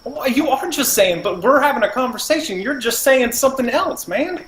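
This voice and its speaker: A man's voice: very high-pitched, lively intonation, normal speed, a bit bright. A man playing a tabletop game, arguing heatedly in character, defensive and stammering. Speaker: player. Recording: echoey room with faint noise.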